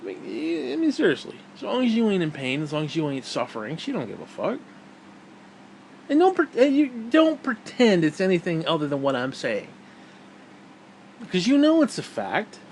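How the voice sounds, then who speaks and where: A man's voice: sits high, huge pitch swings, normal speed, slight background noise. A man, hosting his own show in a crude, bitter, rambling rant full of restarts. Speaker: vlog host. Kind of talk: profane rant.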